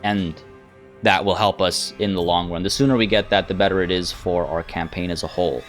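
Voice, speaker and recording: A man's voice: sits low, steady tone, a little fast, faint music behind. A man narrating his own strategy game, thinking aloud in a hesitant, musing way. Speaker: let's play host. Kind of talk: gameplay commentary.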